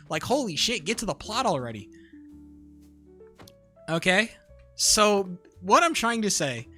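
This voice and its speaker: A streamer with a bright, sharp voice rants through a casual live chat while playing. The delivery is animated and heavy on swearing, with mock-pretentious bluster that keeps cracking into laughter. Soft music plays underneath. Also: mid-range voice. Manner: often breaks into laughter.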